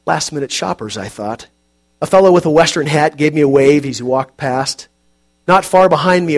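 A man calmly narrating an audiobook in a measured, quiet, reflective way. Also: a little high.

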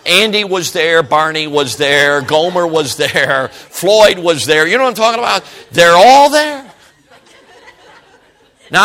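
Animated, folksy man preaching. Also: a little high. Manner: folksy storytelling, frequent "you know what I'm talking about"; laughs often, animated swings between loud and hushed. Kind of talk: sermon.

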